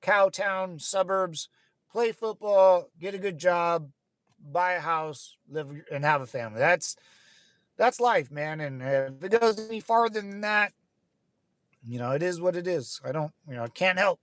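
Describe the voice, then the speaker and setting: Young man, casual rant, high-pitched, rambling, swearing, dry sound. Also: lively intonation, measured pace, a bit bright, dry recording. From California. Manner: rambling, swearing, frequent fillers and restarts. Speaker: channel host.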